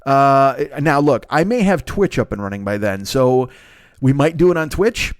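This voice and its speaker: A man's voice: medium pitch, expressive, normal speed, no room sound, clean studio sound. An American man in his forties hosting a comedy podcast, talking in a rambling, profane, self-correcting way. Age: 40s. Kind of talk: casual rambling monologue.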